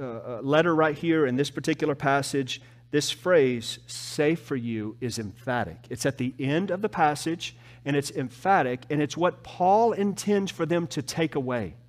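A man preaching a sermon as pastor, with emphatic rises and soft, slow, drawn-out drops. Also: a little high, lively intonation. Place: church.

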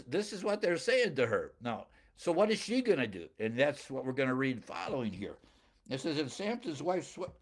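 Animated preacher man, chuckling asides. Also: mid-range voice. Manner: conversational, with chuckling asides and personal anecdotes; reads scripture aloud, then paraphrases it in plain speech. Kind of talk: expository Bible sermon.

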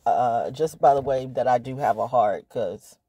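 Chatty woman vlogging outdoors, dark voice. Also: unhurried, husky, low-quality recording. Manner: chatty, talks to animals in a high baby voice. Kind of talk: casual outdoor vlog monologue. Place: outdoors in woods by a pond. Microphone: phone held in hand.

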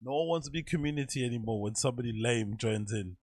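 A man's voice: medium pitch, fast, darkish tone, no echo, clean studio sound. A man streaming casual reaction commentary, incredulous and laughing often.

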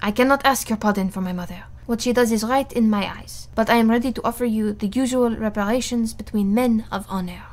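A woman's voice: fairly high pitch, fairly quick, few pauses, lightly acted. A woman reading the part of a hot-tempered young French nobleman, earnest and formal. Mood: earnest proud.

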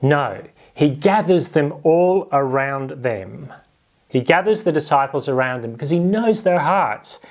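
A man with a fairly high voice, preaching in a relaxed, conversational way. He jumps into playful put-on voices when he quotes people, then settles back into easy explanation. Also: unhurried. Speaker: pastor. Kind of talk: sermon.

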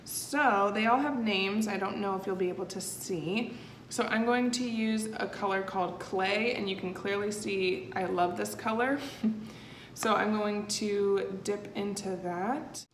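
Using an unhurried mid-range voice, a woman leads a step-by-step makeup tutorial in a casual, talkative way with frequent fillers. Faint noise and echo from the room can be heard.

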